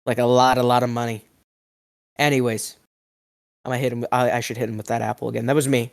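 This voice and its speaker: A man's voice: medium pitch, level tone, fairly quick, creaky, long pauses. A young man telling a rambling absurd comic story, mock-outraged, his voice cracking now and then. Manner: rambling, mock-outraged, swings between mumbling and yelling. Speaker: food review vlogger.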